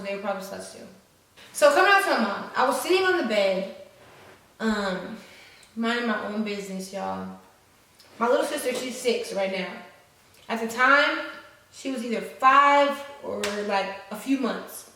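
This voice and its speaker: A young woman vlogger tells a personal story, casual and profane, playing up the drama for her viewers. Her fairly high voice echoes heavily around the room, and the mic sits at some distance. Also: fairly bright tone. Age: 20s. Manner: frank, profane, dramatic, talks to viewers as y'all.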